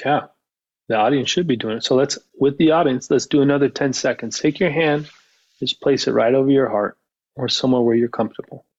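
A man with a husky, breathy voice speaks calmly and reflectively, coaching golfers through a mindfulness exercise. The sound is a little dull and lo-fi. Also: mid-range voice, brisk, no room sound. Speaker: golf mental coach, author. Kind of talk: guiding a mindfulness exercise on a podcast.

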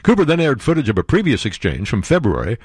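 A man's voice: mid-range voice, huge pitch swings, fast talker, darkish tone, husky, dry recording, studio quality. A man hosting a commentary show, reading news stories aloud and breaking in with sarcastic asides and jokes.

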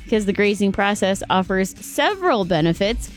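A woman's voice: medium pitch, very animated, normal speed, soft background music. A woman hosting a morning radio show, chatty and bubbly in casual banter.

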